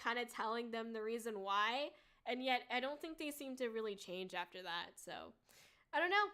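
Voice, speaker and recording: A woman's voice: fairly high pitch, a bit bright, smooth. A woman streamer in casual chat, ranting bluntly and swearing freely. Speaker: VTuber streamer.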